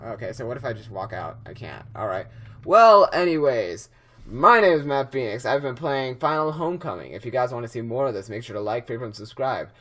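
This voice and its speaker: A man's voice: mid-range voice, animated, fairly quick, a bit bright. Rambling young man narrating a horror game. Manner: rambling, filler-heavy, easily startled. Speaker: gameplay commentator. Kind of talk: horror game let's play commentary.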